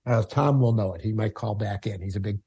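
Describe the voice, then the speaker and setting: A man co-hosting a call-in radio show, giving playful, quick replies. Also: on the low side, dark tone, breathy edge, no echo. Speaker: radio co-host. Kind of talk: casual studio banter.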